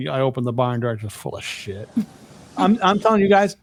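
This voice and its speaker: A man's voice: medium pitch, sing-song, a little fast, slight background noise. A middle-aged man co-hosting a podcast, telling rambling, profane stories in casual chat. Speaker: podcast co-host.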